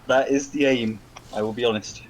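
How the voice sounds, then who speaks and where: A man's voice: medium pitch, steady tone, moderate pace, a little hiss or hum. A British man playing a tabletop game, wry and dry in casual chat. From Britain. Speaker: player.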